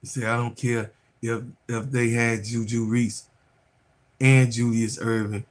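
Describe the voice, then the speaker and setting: A man hosting a sports live stream in casual chat, loudly trash-talking and teasing his viewers, congested and coughing with a cold. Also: medium pitch, level tone, measured pace. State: stuffed nose, coughing from a cold.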